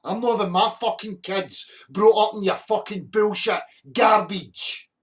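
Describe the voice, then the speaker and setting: Greeting viewers from the chat, this Scottish livestream host rants with angry bluntness and plenty of swearing. He has a high voice, keeps a steady tone, and speaks at a moderate pace.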